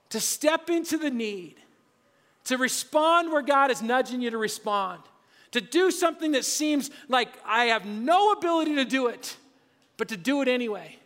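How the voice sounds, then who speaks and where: A man with a strikingly high voice preaches to his congregation. He talks in a lively, conversational manner. His voice rings out in a church sanctuary with a long, lingering reverb. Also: normal speed. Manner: energetic, conversational preaching, drops to a hushed voice near the end. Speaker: pastor. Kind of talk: sermon. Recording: long reverb of a large hall.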